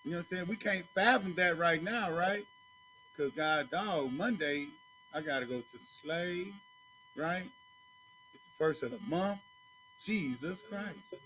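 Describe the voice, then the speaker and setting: A teacher at a religious school preaches scripture casually to a small group, keeping things conversational, repeatedly asking "you know what I'm saying," and calling his listeners brother. His high-pitched voice swoops wildly, sounding pushed and bright at an unhurried pace. The audio is poor, with slight background noise.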